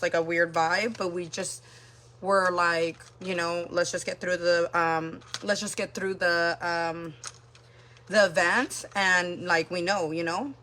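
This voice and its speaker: A woman's voice: on the low side, a bit bright. A woman hosting a livestream, telling a personal story in a casual, rambling way full of filler words.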